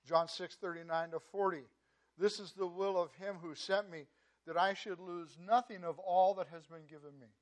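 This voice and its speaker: A man preaching a sermon in a conversational way, often repeating words and saying "you know", swinging between loud emphasis and quiet asides. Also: high voice, fairly even intonation, moderate pace. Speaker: pastor.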